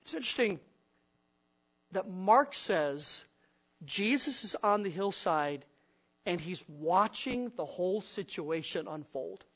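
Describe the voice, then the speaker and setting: A pastor from the upper Midwest preaching a sermon, asking the congregation questions and acting out the voices of frightened men. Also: male voice, sits high, animated, takes it slowly, a bit bright, muffled recording.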